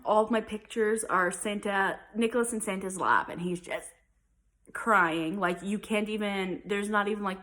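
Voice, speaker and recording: Young adult woman, mom vlogger, casual rambling delivery, middle pitch. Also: a bit bright. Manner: chatty and rambling, many likes and ums. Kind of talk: casual chat.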